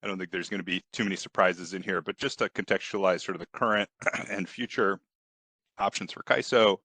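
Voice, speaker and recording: A man giving a technical workshop presentation on a video call, hesitant with fillers, clearing his throat and coughing. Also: sits low, fairly even intonation, brisk, sharp tone, no room sound. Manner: hesitant, many fillers and restarts.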